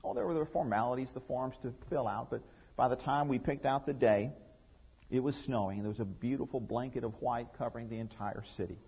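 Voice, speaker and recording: A man's voice: medium pitch, brisk, breathy edge. A man preaching a sermon as pastor, telling a story with earnest care and building to emphatic points. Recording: dull recording with long hall reverb.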